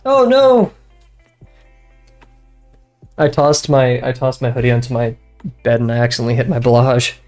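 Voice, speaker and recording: A young man at home in his bedroom streams himself drawing and chatting, his medium-pitched voice steady, quick and a little mellow. He rambles, gets sidetracked, restarts often, leans on fillers and laughs frequently, with soft background music.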